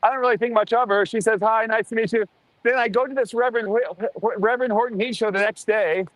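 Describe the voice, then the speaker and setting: High-voiced man telling a profane story. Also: dry recording, rough recording. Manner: animated, profane, quick asides. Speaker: storyteller on a live stream. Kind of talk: casual storytelling.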